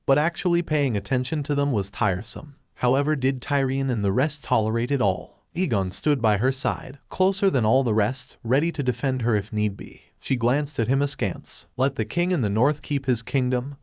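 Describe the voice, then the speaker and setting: A man giving a scripted narration of a fan fiction story in an even, plain reading voice. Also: mid-range voice, no echo, studio quality. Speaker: story reader.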